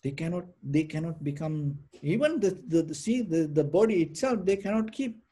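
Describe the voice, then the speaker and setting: Soft, husky-voiced man teaching meditation. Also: on the high side, lively intonation, moderate pace. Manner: rambling, many restarts and "you know" fillers. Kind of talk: informal dharma talk.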